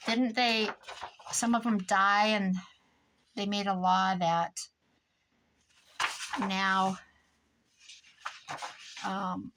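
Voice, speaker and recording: An older woman chats while she crafts, drifting from one story to the next and losing her thread. Her voice sits at a middle pitch. A faint hiss runs under it, along with the soft clicks of paper. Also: flat delivery, drawn-out words, pauses often. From Iowa, US. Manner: rambling, chatty, trails off into stories. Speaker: crafting vlogger. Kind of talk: casual chat while crafting.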